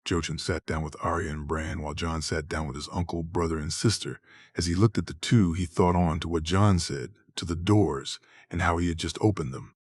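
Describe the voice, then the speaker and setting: A man narrates a fantasy story in a low, husky voice, unhurried and measured. The recording is dry and close, with no room sound. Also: fairly even intonation, no echo. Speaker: audiobook narrator. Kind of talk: slow, even reading of fantasy fan fiction.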